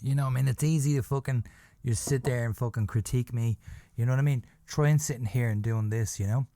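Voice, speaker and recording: A man's voice: mid-range voice, fairly even intonation, quick pace, dark tone, no room sound. Brief: casual male podcaster, rambling and sweary, dry close mic. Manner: rambling, profane, self-deprecating. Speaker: podcast host. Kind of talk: casual storytelling. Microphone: podcast microphone.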